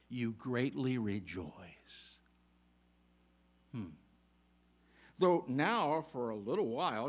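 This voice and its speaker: Animated male preacher with lively pitch. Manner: emphatic, asks the congregation rapid questions, reads scripture aloud. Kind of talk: sermon.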